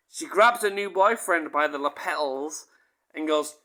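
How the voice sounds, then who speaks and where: A man spins a long, rambling comic story, dropping casual swears and stumbling back over his own words. His voice sits a little high and sounds bright and forceful. He takes his time, unhurried. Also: lively intonation. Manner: swears casually, repeats and corrects himself.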